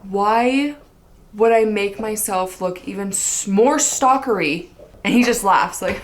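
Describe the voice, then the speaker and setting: A woman's voice: medium pitch, a little fast, a little hiss or hum. A young woman casually telling a funny personal story, chatty and self-mocking, swearing freely and acting out what people said. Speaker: vlogger telling her story.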